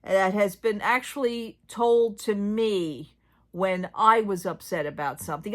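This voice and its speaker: A woman's voice: medium pitch, measured pace, fairly bright tone. A woman hosting a casual chat about theme park news, talking in loose, filler-heavy sentences. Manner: chatty, trailing off with fillers. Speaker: host.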